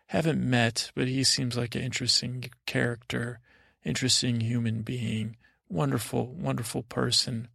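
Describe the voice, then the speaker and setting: A middle-aged man hosting a bedtime podcast, rambling slowly through a meandering story with many fillers and restarts. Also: medium pitch, vocal fry, a bit bright, dry recording, studio quality. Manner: slow and unhurried. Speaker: podcast host.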